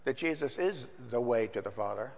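An older man gives a conversational sermon, mixing stories with scripture in an everyday, mid-pitched voice. His words echo with a long church reverb. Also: lively intonation, normal speed, gravelly, a little mellow. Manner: conversational, anecdotal, with fillers. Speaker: pastor.

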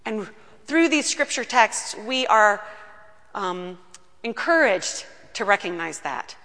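A woman pastor preaching a sermon in a church, telling the story earnestly and slowing down on key words. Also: mid-range voice, big pitch swings, pushed and bright. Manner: earnest storytelling, slows down for emphasis. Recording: long reverb of a large room.

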